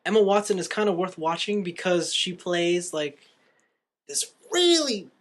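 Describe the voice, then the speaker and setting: Animated young man recapping a movie. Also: sits high, normal speed. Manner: animated storyteller, acts out quotes. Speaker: podcast co-host. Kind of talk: casual film recap chat.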